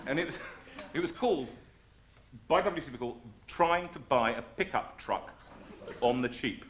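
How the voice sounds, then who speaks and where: A man's voice: medium pitch, expressive, unhurried, reverberant, noisy background. A man hosting a live music show, chatting in a jokey, teasing way between songs. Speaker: singer and host of a live show. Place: music room before a live audience.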